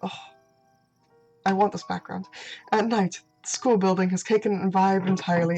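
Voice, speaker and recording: A woman's voice: medium pitch, steady tone, moderate pace, pauses often, dark tone, soft background music, low-quality recording. Giggly woman reading a game aloud. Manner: giggly, reads game text aloud with playful asides. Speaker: gamer reading a dating sim aloud. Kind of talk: casual gameplay commentary.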